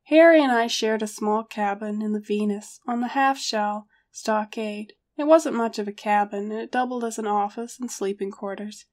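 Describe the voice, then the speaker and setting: A woman reading a first-person story aloud as a narrator, steady storytelling. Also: medium pitch, normal speed, few pauses. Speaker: audiobook narrator.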